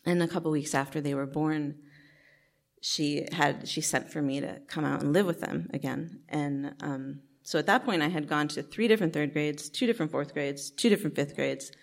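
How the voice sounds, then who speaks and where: A woman's voice: low voice, moderate pace, vocal fry. A middle-aged woman telling a personal life story to an audience in a candid, casual way, with many fillers. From New Jersey, USA.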